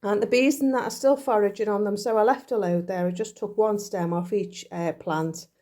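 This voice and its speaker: Out in a yard, a woman vlogger chats casually with her audience, rambling and thinking aloud as she talks. Her voice is mellow and medium-pitched, with fairly even intonation and a normal pace.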